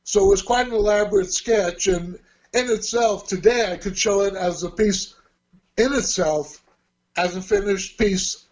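A man's voice: high-pitched, measured pace, a little mellow, highs cut off. A man in his sixties, an interview guest, telling long rambling stories with frequent chuckles and self-corrections. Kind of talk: casual storytelling.

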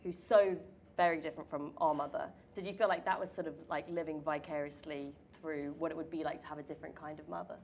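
A woman's voice: deep voice, steady tone, quick pace, a little mellow, slight background noise. A young woman asking her sibling questions in a casual chat, talking in a rambling way full of fillers. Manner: chatty, many fillers like "like". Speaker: interviewer, sibling of the guest.

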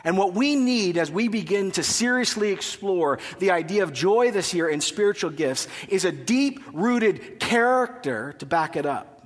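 A man's voice: on the high side, in a large hall. A man in his thirties preaching a sermon in a church, telling a funny story with asides before turning to scripture. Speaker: pastor. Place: church sanctuary.

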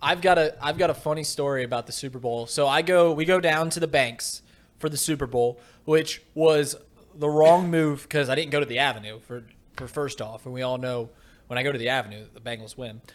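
A man co-hosting a casual sports talk show, telling a lively story and getting loud when he acts out his rant. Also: medium pitch, fairly quick. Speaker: podcast co-host.

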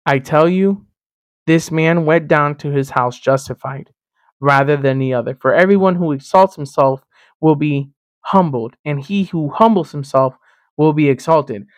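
A man from Miami hosting a sermon-style podcast, teaching in an emphatic, animated way and speaking straight to the listener. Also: on the high side, measured pace, no echo, studio quality. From Miami, Florida. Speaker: podcast host and preacher.

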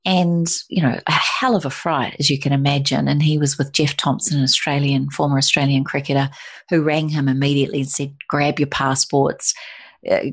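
A middle-aged woman recounting a personal story with a low, gravelly voice. Her tone is husky, and she tells it with feeling, stumbling and restarting as she goes. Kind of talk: personal anecdote in conversation.

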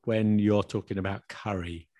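Male host, lowish voice, easy explanatory chat, dry close recording. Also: fairly even intonation, moderate pace, mellow, no echo. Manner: explains slang patiently, friendly quizzing. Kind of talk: casual chat.

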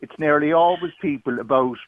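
A man's voice: on the high side, a little fast. A man calling a radio phone-in, cheeky and joking as he tells a story. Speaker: caller. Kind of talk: casual phone-in chat. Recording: muffled phone line.

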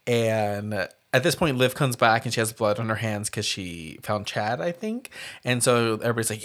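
A man's voice: medium pitch, animated, a little fast, fairly bright tone. A man in casual podcast chat, talking through movie scenes with lots of energy and casual swearing. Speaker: podcast co-host. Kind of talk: casual chat reviewing a film.

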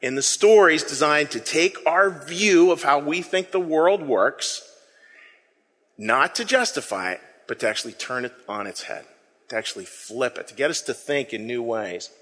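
A man preaching a sermon, telling the story in a lively way with acted quotes and asides to the congregation. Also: mid-range voice, moderate pace, big-room sound. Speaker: pastor.

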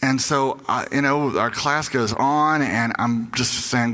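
An older man preaching in a loose, conversational way, with a bright, forward voice. He tells candid stories about himself and often slips into acting out his own inner voice. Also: mid-range voice, takes it slowly, hardly any pauses. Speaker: pastor. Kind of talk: conversational sermon.

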